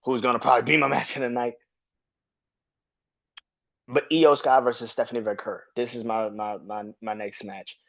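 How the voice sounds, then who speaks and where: A man hosting a podcast, reviewing wrestling in a casual, profane rant. He keeps jumping into high-pitched outbursts. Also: steady tone, moderate pace, gravelly, pauses often, fairly bright tone, dull audio. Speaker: podcast host.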